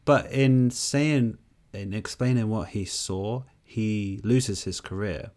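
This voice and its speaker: A man co-hosting a podcast, telling a story in a casual conversational way, with animated stops and restarts. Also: on the low side, slow. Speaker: podcast co-host.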